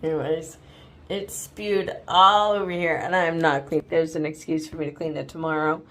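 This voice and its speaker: Low-pitched yet fairly bright, her voice stays steady at a moderate pace. She's a tired woman making a casual late-night vlog at home following oral surgery, wandering from bed to bathroom while rambling with lots of fillers and loose swearing.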